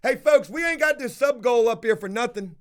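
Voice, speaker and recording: A man with a high voice talks on a casual live stream. He is profane and animated, and he tells a story while shouting out viewers in the chat. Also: brisk.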